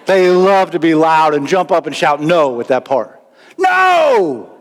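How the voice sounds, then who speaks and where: Male preacher, higher voice, animated sermon, long church reverb. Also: moderate pace. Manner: animated preaching with sudden loud outbursts. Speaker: pastor. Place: church sanctuary.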